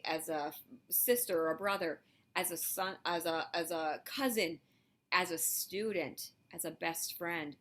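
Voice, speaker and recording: A woman teaching a video lesson to elementary school children, lively and encouraging, speaking straight to them. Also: on the low side.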